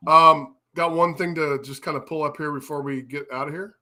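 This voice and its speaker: Bright-voiced man in profane, teasing banter. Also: fairly high pitch, steady tone, a little fast. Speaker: podcast host. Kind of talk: casual chat.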